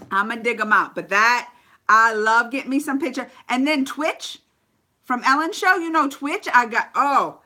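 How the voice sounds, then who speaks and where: A woman vlogger telling stories in a casual live stream and chatting with viewers by name. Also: a little high. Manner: animated storyteller, chats with live viewers by name.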